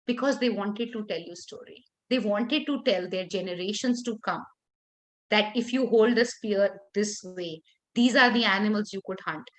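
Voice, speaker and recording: A woman leading a workshop for teachers, talking expressively with lively intonation and frequent restarts. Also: mid-range voice, moderate pace. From India.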